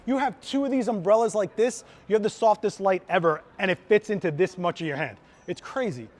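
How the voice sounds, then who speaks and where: A man's voice: high voice, fairly quick. A man who is a photographer giving a live gear demo on a trade show floor. He talks in a casual, enthusiastic, chatty teaching manner.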